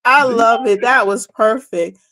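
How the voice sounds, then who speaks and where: A woman's voice: fairly high pitch, unhurried, a crowd in the background. A woman hosting a podcast interview, asking playful questions and encouraging her guest. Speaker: podcast host.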